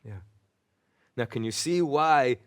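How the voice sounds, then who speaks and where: A man's voice: medium pitch, takes it slowly, clear, resonant tone. A middle-aged man, a psychotherapist, telling a story in conversation and acting out the dialogue with frequent laughter. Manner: animated, acts out dialogue and laughs often. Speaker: psychotherapist guest.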